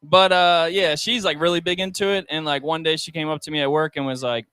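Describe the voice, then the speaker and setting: A young man doing a stand-up set with crowd work on a restaurant stage, talking haltingly with many ums and likes into a handheld mic. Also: a little high, steady tone, pushed and bright, smooth, no echo. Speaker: stand-up comedian.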